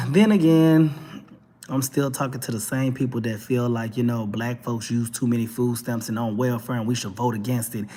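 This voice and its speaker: A Texan man hosting a talk show, delivering an animated, preachy monologue with mocking asides. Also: mid-range voice, moderate pace, big-room sound. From Texas. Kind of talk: opinionated monologue.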